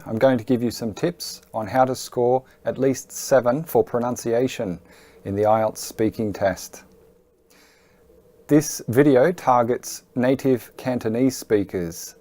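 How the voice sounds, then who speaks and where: Male tutor for a lesson video; unhurried delivery, relaxed low timbre, clear patient explanations. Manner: clear, patient, emphatic teaching. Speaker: IELTS teacher. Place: Hong Kong.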